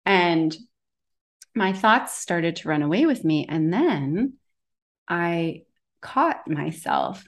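A woman's voice: fairly low pitch, big pitch swings, slow pace, long pauses. A woman wellness practitioner talking casually and at length, rambling with lots of fillers as she tells a story. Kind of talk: casual conversation.

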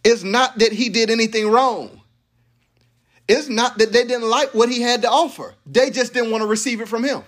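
Male pastor, high voice, lively, slangy, playful sermon delivery to a live church crowd. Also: moderate pace. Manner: animated, playful preaching with slang and laughter. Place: church sanctuary with congregation.

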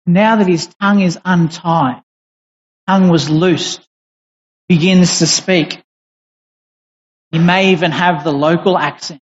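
A preacher giving a sermon in a deliberate, emphatic way, pausing and restarting as they explain. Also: medium pitch, steady tone. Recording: dull recording in a reverberant hall.

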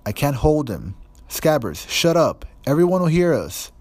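A man's voice: fairly low pitch, lively intonation, unhurried, darkish tone, slightly rough, no room sound, voice pushed up, exaggerated voice. A man voicing an anxious teenage boy who sounds frantic and fretful. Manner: frantic, hissing.

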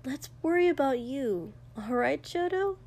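Woman reading, doing a gentle quiet young guy, soft and slow, kinda hushed. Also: high-pitched, animated, voice pushed up. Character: gentle calm young man, soft-spoken.

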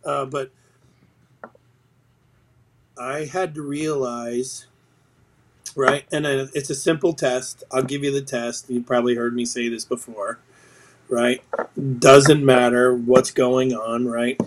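A man's voice: mid-range voice, steady tone, slow pace, pauses often. A middle-aged man talks as a podcast guest. He speaks bluntly and swears freely while he tells stories. His voice sits in a plain mid range. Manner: blunt, profane, storytelling. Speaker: podcast guest, retired sergeant major. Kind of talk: casual interview chat.

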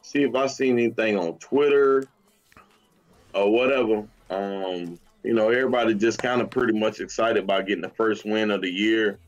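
A man's voice: on the low side, fairly even intonation, moderate pace, lo-fi sound. A man co-hosting a sports talk show, talking in a fired-up, slangy way and cursing freely.

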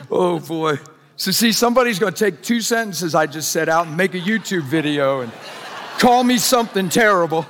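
A man's voice: sits high, expressive, normal speed, fairly bright tone, a little hiss or hum. A middle-aged man preaching a sermon to a congregation, conversational and jokey, pressing the crowd with questions. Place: large church hall before a congregation. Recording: long hall reverb.

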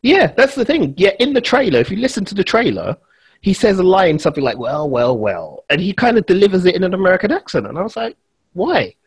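A man hosting a casual film chat, animated and laughing often. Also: high voice, fast talker, slightly rough, no echo. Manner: animated, laughs often, quotes lines in put-on voices. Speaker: podcast host.

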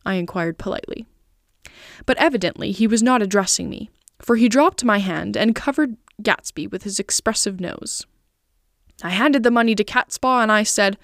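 A woman narrating a classic novel aloud in an even, clear storytelling manner. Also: mid-range voice, normal speed, no room sound, studio quality. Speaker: podcast reader. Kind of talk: scripted narration.

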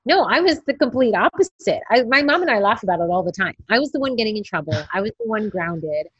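A woman's voice: mid-range voice, fast talker, breathy edge, no room sound, muffled recording. A woman in her forties from New York, telling stories in an interview and acting out quoted voices. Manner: animated, acts out quoted voices. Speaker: guest, newborn photographer. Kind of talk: interview storytelling.

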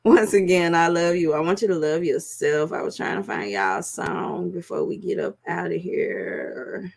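A middle-aged woman hosting a podcast, talking casually and profanely to her viewers, with drawn-out fillers. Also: fairly low pitch, lively intonation, a little mellow. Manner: loose, profane, drawling with fillers. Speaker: podcast host.

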